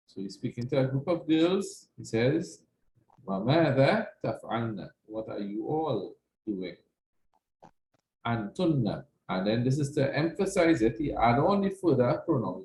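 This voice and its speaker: A man's voice: medium pitch, expressive, moderate pace, a little mellow. Patient male Arabic teacher, echoey room. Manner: patient, repeats phrases, checks with "right?". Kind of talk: explaining grammar in an online class.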